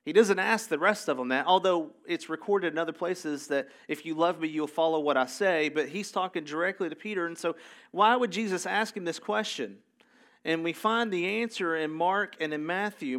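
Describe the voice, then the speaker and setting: A man's voice: a little high, a bit bright. A man preaching a sermon in a conversational way, reading scripture aloud and adding casual asides. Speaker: pastor.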